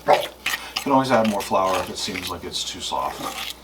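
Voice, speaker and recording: Matter-of-fact male co-host, lively pitch, noisy kitchen and a mic set a little off. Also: unhurried, distant mic. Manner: brief, matter-of-fact answers. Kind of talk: casual cooking chat. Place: home kitchen.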